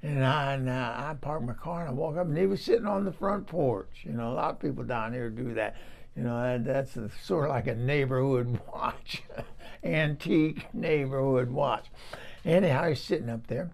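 A man's voice: mid-range voice, normal speed, gravelly, close to an everyday voice. A man playing a chatty older woman who lives in a trailer, rambling and exclaiming. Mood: gossipy. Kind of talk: comic character monologue.

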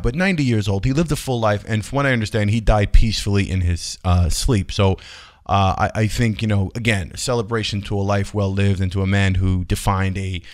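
Rambling low-voiced man hosting a film vlog. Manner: rambling, chatty, with many fillers and restarts. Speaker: film channel host. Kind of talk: casual vlog talk.

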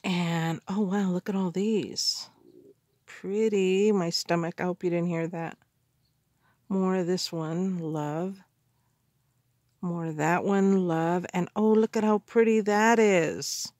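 A woman in a casual craft haul video, gushing with excited gasps and exclamations over the supplies she unpacks. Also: on the low side, takes it slowly, dry recording, studio quality. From Canada. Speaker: crafter unboxing mail.

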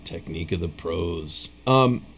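A man teaching rhythm writing in a relaxed video lesson, counting and scatting beats aloud, with a casual, self-deprecating manner. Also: low-pitched, a little slow, breathy edge. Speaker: music teacher.

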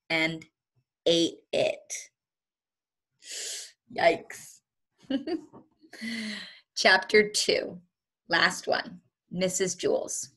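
A woman teacher reading a children's storybook aloud to her students, in a lively, expressive way. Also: lowish voice.

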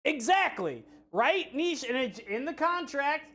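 Cooking on a live stream, this speaker has a high, bright, sing-song voice with a forceful tone and measured pace. Chatty and profane, they ramble through anecdotes between recipe steps, often restarting, while talking with the live chat.

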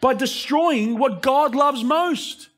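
A male pastor preaching an impassioned sermon that swings between emphatic lines and hushed asides. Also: very high-pitched, slow pace.

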